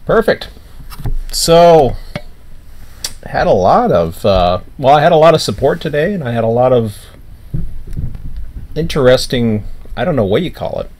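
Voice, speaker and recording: A man's voice: mid-range voice, very animated, measured pace, pauses often, darkish tone, slight background noise, low-quality recording. A Canadian man chatting casually on a live stream from home, rambling to himself while he fiddles with his camera and chat window. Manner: rambling, self-talking while fiddling with setup. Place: home room, at computer.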